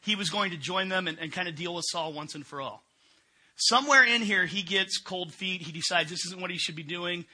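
Bright-voiced man preaching casually. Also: sits high, brisk. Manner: conversational, asks the congregation questions. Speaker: pastor. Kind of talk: sermon.

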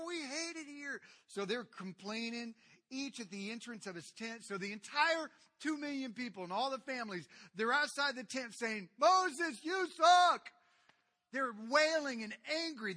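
Animated high-voiced man preaching a sermon. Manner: swings from quiet to loud, animated retellings; addresses congregation directly as guys. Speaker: pastor.

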